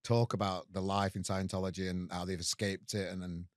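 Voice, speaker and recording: A man's voice: deep voice, little pitch movement, fairly quick, dry recording, studio quality. A man who is a guest on a podcast, chatting casually and rambling a little, with a self-deprecating manner.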